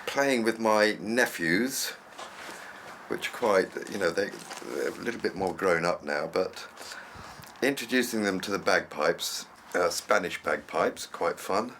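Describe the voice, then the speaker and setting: Low-voiced older Englishman, chatty storyteller. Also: lively intonation, measured pace, fairly bright tone. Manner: chatty, rambling storyteller who laughs easily. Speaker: musician interviewee. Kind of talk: anecdotal documentary interview. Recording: noisy ambient documentary recording.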